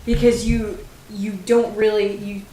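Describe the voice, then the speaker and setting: A woman's voice: a little high, normal speed, a bit bright, far from the mic, a little hiss or hum. Female co-host, talkative and giggly; sits back from the mic in a roomy space. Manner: chatty, laughs often, swears. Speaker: podcast co-host. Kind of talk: casual chat.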